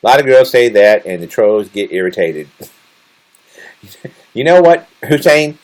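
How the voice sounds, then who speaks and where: A man's voice: on the low side, very animated, measured pace, darkish tone. A man chatting casually with viewers on a livestream, teasing and joking crudely as he reads their comments. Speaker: live streamer.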